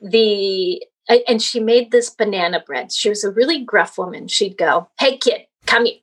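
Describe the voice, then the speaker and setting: A woman with a husky, slightly breathy voice talks as a podcast guest. She reminisces in a loose, chatty way, full of ums and little restarts, at a mid-range pitch. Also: moderate pace. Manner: chatty, reminiscing with many fillers. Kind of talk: casual interview chat.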